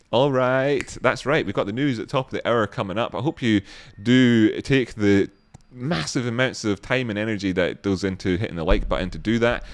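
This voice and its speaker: A man's voice: medium pitch, fairly quick, no echo. Man, stream host, rambling jokey chat, resonant clean voice, dry close sound. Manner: rambling, joking, reads viewer comments aloud. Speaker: livestream host. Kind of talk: casual livestream chat.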